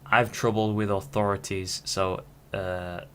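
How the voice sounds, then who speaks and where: Low-voiced young man rambling frankly. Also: flat delivery, slight background noise. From Hull, England. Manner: frank, halting, many restarts. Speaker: vlogger. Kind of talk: casual rambling monologue.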